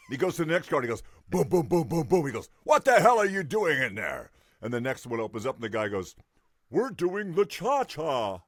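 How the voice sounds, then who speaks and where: A man's voice: fairly high pitch, dry recording, clean studio sound, heavily acted. A man doing a goofy joke-loving host. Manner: tells corny jokes and laughs at them. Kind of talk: comedy double act.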